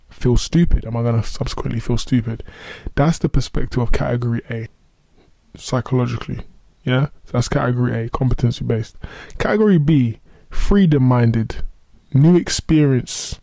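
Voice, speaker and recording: A man's voice: medium pitch, dark tone, dry recording. A man hosting a solo motivational podcast, talking in an earnest, conversational way with self-deprecating asides. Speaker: podcast host.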